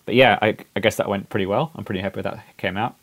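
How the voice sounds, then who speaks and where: NZ male co-host, very low voice, thoughtful and halting, casual podcast chat. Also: fairly even intonation, creaky. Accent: New Zealand. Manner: reflective, hesitant with restarts.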